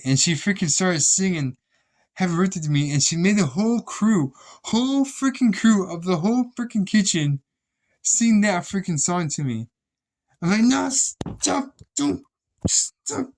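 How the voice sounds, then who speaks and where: A man's voice: fairly high pitch, normal speed. A young man casually telling rambling, profane stories about his old job, with many restarts. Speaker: vlogger. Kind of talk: casual storytelling.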